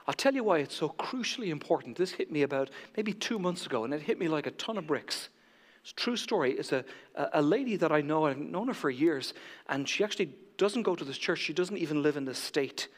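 Man, pastor, sermon, high voice, loud then whispered, church sanctuary, long hall reverb. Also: animated, brisk. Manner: swings from loud proclaiming to hushed whispers.

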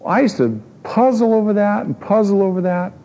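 A man preaches a sermon in a mellow, dark voice, earnest and emphatic, turning often to rhetorical questions. The sound is muffled and lo-fi, carried by a long reverb from a large hall. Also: sits high, lively intonation, normal speed.

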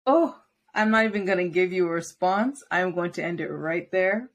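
A woman's voice: fairly low pitch, moderate pace. A young woman hosting a podcast interview, encouraging and enthusiastic with her guest. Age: young adult. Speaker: podcast host. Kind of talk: casual interview chat.

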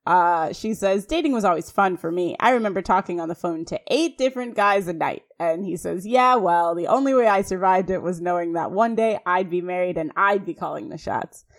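A woman co-hosting a podcast, chatting casually and reading scene quotes aloud quickly in an animated way. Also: on the low side. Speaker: podcast co-host. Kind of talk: casual recap chat.

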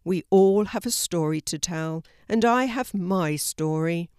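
A woman reading the part of a well-spoken older male tramp who talks in a calm, matter-of-fact way. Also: fairly low pitch, measured pace, clear, resonant tone, no room sound, clean studio sound, lightly acted. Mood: calm, polite.

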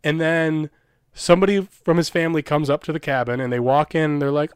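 A man's voice: on the high side, quick pace, clean tone, no echo, studio quality. A young man co-hosting a podcast, rambling through a story with frequent laughs and swearing. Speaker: podcast co-host. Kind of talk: casual chat.

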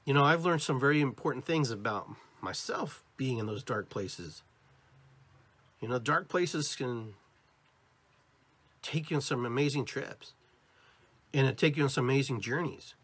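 An American man speaks to his listeners in a spiritual podcast monologue. His voice has a slightly husky edge. He talks with animated, expressive inflections, and his pitch moves widely. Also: moderate pace, long pauses. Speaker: podcast host.

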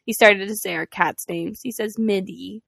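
A woman's voice: mid-range voice, fairly even intonation, moderate pace, creaky, a bit bright, breathy edge, dry recording, studio quality. A young woman co-hosting a podcast, chatting casually with lots of laughs and fillers. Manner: giggly, chatty, many fillers. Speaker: podcast co-host. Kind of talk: casual chat.

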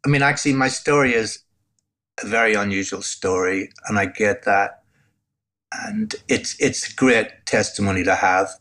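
Telling his personal testimony as an interview guest, an older Northern Irish man with the region's accent is earnest and reflective, restarting often. His fairly low, sharp voice swings widely in pitch at a moderate pace.

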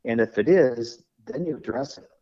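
A man's voice: medium pitch, moderate pace, warm tone, lo-fi sound. A man who runs a funeral home, talking on a podcast and rambling through stories while he acts out the dialogue. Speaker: funeral director. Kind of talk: podcast conversation.

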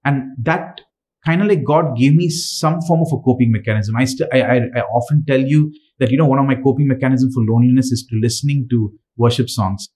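A man's voice: mid-range voice, brisk, mellow, rough recording. A man from Dubai preaching a sermon and reading scripture aloud, earnest, with frequent fillers and restarts.

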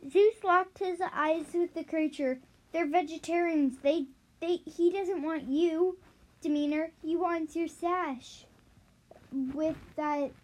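A child reading a storybook aloud, halting and correcting themselves often. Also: female voice, high-pitched. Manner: halting, with restarts and self-corrections. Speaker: reader.

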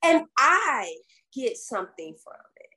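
A woman's voice: sits high, very animated, a little slow, slightly rough, rough recording. A middle-aged woman from the American South with a Southern accent, co-hosting a podcast and reflecting in casual conversation. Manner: reflective, warm-hearted storytelling with folksy phrases. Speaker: podcast co-host.

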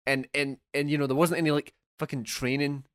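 A young man co-hosting a casual film podcast, animated and swearing freely. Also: fairly high pitch, brisk, dry recording, studio quality. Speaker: podcast co-host.

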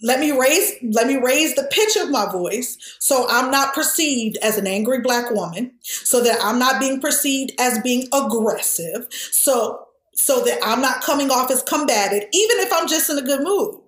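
Earnest, animated Southern-raised woman. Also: sits high, moderate pace, roomy sound. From American South. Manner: earnest, animated storytelling with frequent "like" and restarts. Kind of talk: candid conversational discussion.

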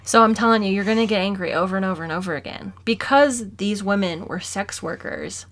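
A woman's voice: mid-range voice, fairly quick, fairly bright tone. A woman co-hosting a casual true-crime podcast, explaining her views on the case earnestly and with emphasis. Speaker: podcast co-host.

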